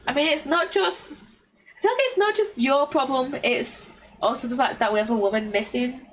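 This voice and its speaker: A British woman voicing an anxious, guilt-ridden young woman in a video game, reading softly and hesitantly. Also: sits high, normal speed, far from the mic, slight background noise, voice pushed up, natural voice, poor audio. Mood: guilty, anxious.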